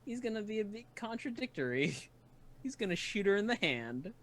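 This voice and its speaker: A woman's voice: mid-range voice, big pitch swings, normal speed, a bit bright. A woman playing in a tabletop game, blunt and jokey, with crude asides. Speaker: player. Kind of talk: casual tabletop play.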